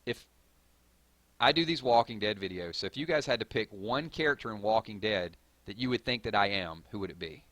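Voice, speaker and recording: Low-voiced Southern man hosting a live stream. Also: a little fast, dry recording. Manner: excitable, rambling, hyping up the audience. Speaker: gaming channel host. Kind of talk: live stream chat, reading viewer comments.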